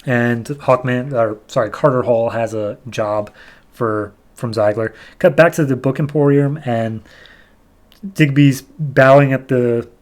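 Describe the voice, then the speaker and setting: Fairly even in intonation and mid-range in pitch, this male podcast host wanders casually through recaps of comic book issues. He retells scenes by briefly performing the characters' lines in quick quoted voices.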